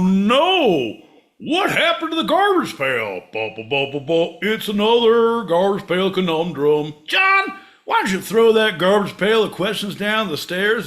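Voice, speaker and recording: A man's voice: high-pitched, a bit bright. A man co-hosting a comedy podcast, theatrical and mock-solemn, slipping into mock-infomercial patter. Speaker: podcast co-host.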